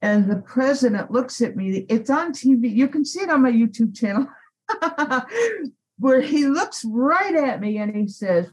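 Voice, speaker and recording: A woman activist, a guest on an interview podcast, telling a story in an animated, emphatic way. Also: fairly high pitch, measured pace, breathy edge, poor audio.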